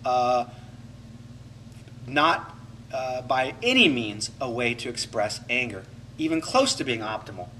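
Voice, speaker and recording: Lively, bright-voiced male coach. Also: medium pitch, a little slow, pauses often, distant mic, slight background noise, low-quality recording. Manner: animated, acts out inner voices to illustrate. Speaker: holistic coach teaching a class. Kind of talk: reflective teaching talk.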